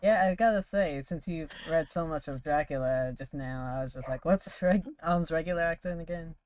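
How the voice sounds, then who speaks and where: Brief: low-pitched woman, silly and joking in casual chat. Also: normal speed, a little mellow, no room sound.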